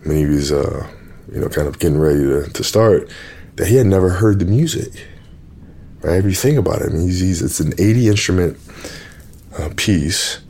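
Male guest, lowish voice, eager storyteller who restarts and repeats words. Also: expressive, moderate pace, pauses often, dark tone. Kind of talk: excited anecdotal storytelling.

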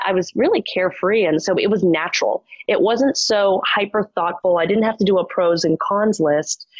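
A woman's voice: medium pitch, breathy edge, dry recording. A woman in her thirties, a startup founder telling her story candidly, with lots of "like" and restarts. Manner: chatty, frequent "like" fillers and restarts. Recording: muffled lo-fi audio.

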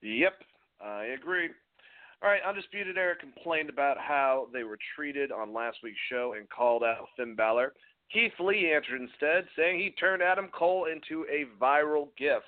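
A man's voice: fairly high pitch, animated, normal speed. A man co-hosting a podcast, recapping and chatting loosely with fillers and swearing. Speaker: podcast co-host. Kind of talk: casual chat and recap. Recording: tinny phone-like audio.

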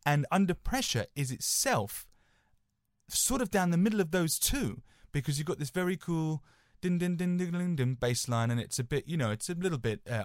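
A man's voice: medium pitch, dry recording, studio quality. A young man co-hosting a podcast, chatting casually and rambling through anecdotes with lots of "sort of" hedges. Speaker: podcast co-host.

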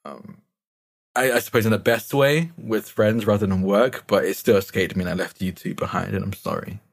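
Low-voiced man rambling through a tabletop turn. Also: fairly even intonation, normal speed, gravelly. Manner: rambling with many fillers and likes. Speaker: player. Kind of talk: playing a tabletop game.

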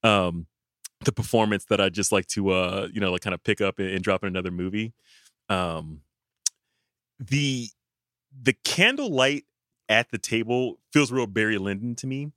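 A man with a lowish, bright, forward voice chats casually about movies. He restarts often and laughs easily, recorded dry and close. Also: no echo. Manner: halting, many restarts and laughs. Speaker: podcast co-host. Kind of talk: casual film discussion.

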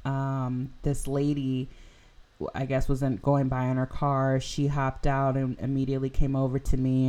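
A young woman hosts a podcast, telling a personal story in a casual, rambling way packed with "like" and "you know." Her voice is very deep and warm.

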